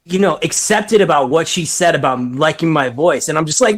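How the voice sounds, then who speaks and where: Casting: twenties male podcaster, animated storyteller, swears freely. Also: a little high, fairly quick, few pauses. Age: 20s. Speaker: podcast co-host, voice actor. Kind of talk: casual chat, storytelling.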